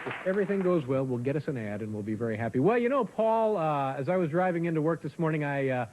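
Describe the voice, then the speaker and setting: Dry, halting late-night talk show host. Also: male voice, fairly high pitch, expressive, a little mellow. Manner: dry, halting, with many uh fillers. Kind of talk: talk show hosting, interviewing. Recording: noisy TV broadcast audio.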